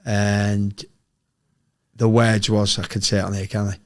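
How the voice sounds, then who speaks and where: A middle-aged man from England with a slightly low voice, spinning a football yarn as a podcast guest. He talks in a sweary, animated, casual way, full of quoted back-and-forth. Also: unhurried. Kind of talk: casual storytelling.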